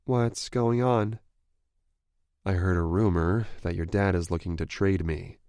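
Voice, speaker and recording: A man's voice: sits low, steady tone, measured pace, warm tone, smooth, dry recording. Man doing adult woman's voice, worried, fiery, swears when angry, storybook romance.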